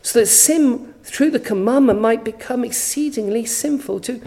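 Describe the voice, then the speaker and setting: A woman's voice: a little high, moderate pace, warm tone, rough recording. A woman preaching a sermon, reading scripture aloud with earnest emphasis and rhetorical questions.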